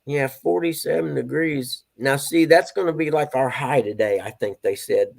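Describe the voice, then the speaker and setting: A man's voice: mid-range voice, normal speed, creaky. A middle-aged man hosting a casual live stream, chatting and greeting viewers by name. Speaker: stand-in host of a live stream.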